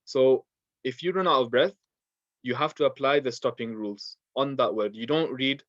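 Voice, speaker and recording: Male recitation teacher: steady, repeats each step, mid pitch, dry and slightly muffled audio. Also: moderate pace, no echo. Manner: patient, repeats steps, recites verses in Arabic. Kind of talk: online class lesson.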